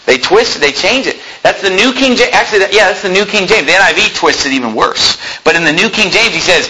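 A man with a high, husky voice preaches from a church pulpit. His pitch leaps up and down with lively swings, and he drives each point home emphatically and often turns to his listeners with rhetorical questions. His tone is bright and forceful. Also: fast talker, low-quality recording. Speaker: pastor. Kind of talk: sermon.

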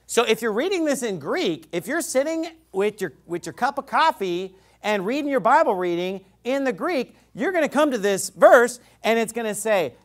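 A male pastor delivering a sermon in a sarcastic, mocking manner. His pitch leaps around with lively swings. He drops to quiet, careful explanation, then bursts into shouting.

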